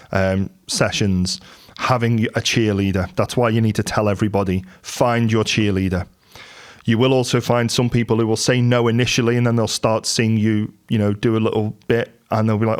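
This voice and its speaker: A middle-aged man talks straight to camera about business, in a candid, storytelling way. His voice sits on the lower side, and the talk is unscripted and conversational. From England. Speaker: business and property coach.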